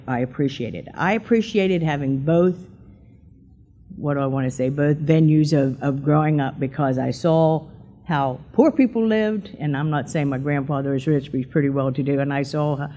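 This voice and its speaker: A woman's voice: deep voice, dark tone, slight background noise. Chatty older woman telling her testimony. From Pennsylvania. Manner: chatty storyteller, acts out quotes in a raised voice. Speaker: church member giving testimony. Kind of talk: personal testimony to a congregation.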